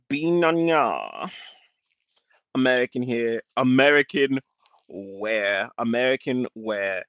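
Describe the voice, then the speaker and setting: A man's voice: mid-range voice, animated, measured pace, a bit bright, no room sound. A man on a livestream, answering chat in an emotional, rambling rant and swearing often. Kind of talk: rambling live-stream talk. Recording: dull lo-fi dry sound.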